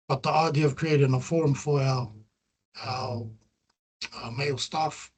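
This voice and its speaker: A middle-aged man with a New Zealand accent, his voice sitting a little higher than most men's. He presents his research in an earnest, reflective way. He weaves Māori words into his English as he speaks. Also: a little mellow. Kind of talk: presentation talk with slides.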